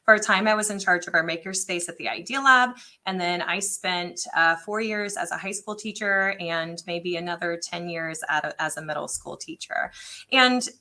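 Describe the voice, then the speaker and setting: Bright, animated storytelling woman. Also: fairly low pitch, moderate pace. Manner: animated storyteller, acts out quotes. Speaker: tech integration specialist. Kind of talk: casual panel chat.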